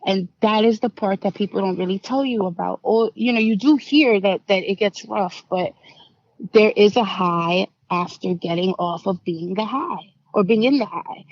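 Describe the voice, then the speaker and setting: A woman speaks with raw candor, her voice gravelly with fry as she recounts her own story. Her words catch and repeat when things get hard. The sound is close, dry and slightly dull, like a lo-fi podcast recording. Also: mid-range voice, normal speed, darkish tone, no echo. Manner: candid, emotional, repeats words when upset. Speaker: podcast guest. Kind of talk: personal recovery story.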